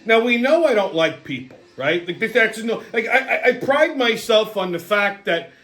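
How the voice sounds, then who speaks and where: A fed-up man with a noticeably high voice rants straight to his audience, cursing freely. He trips over himself with stammered restarts as his aggravation builds, sounding worn out by the people around him. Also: animated, a bit bright. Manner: exasperated, sweary, rapid restarts and stammers. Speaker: channel host. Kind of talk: profane ranting monologue.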